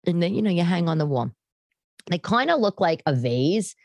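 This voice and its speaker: A woman's voice: on the low side, big pitch swings, moderate pace, darkish tone, no echo. A woman in her thirties from New York, chatting at home to camera in a rambling, self-deprecating way. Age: 30s. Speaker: podcast host. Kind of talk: casual monologue to camera. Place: her living room. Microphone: camera setup at home.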